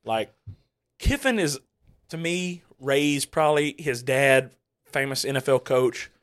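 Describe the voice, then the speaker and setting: A man hosts a rowdy sports podcast and tells his stories with plenty of swearing and laughter. His voice sits in an ordinary middle register, and he keeps the talk loose and animated. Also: medium pitch, takes it slowly. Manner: profane, laughs often, animated storyteller. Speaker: podcast host. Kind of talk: rowdy casual sports chat.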